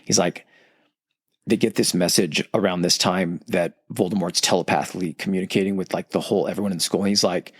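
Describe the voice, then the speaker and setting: A man's voice: low voice, fairly even intonation, brisk, breathy edge, no room sound, clean studio sound. A podcast host in casual chat, loosely retelling a story and acting out the quotes in his own voice.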